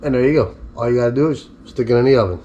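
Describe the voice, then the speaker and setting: A man's voice: medium pitch, rapid-fire, dull audio, background noise. Easygoing man chatting while he cooks. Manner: easygoing, chatty, talks to his dog. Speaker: cooking vlogger. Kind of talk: casual cooking demonstration. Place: home kitchen.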